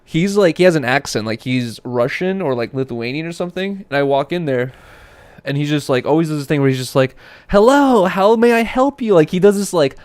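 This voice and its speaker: A man's voice: on the high side, brisk, clear, resonant tone, no room sound. A young man telling stories in casual podcast chat, with lots of slang and acted-out quotes. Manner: animated storytelling, acting out quotes. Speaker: podcast co-host.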